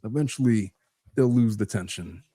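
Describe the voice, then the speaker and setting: A man's voice: on the low side, moderate pace, dark tone, husky, dry recording. A man in his forties, a lawyer guest, talking in a blunt, wry, philosophizing way during a casual chat.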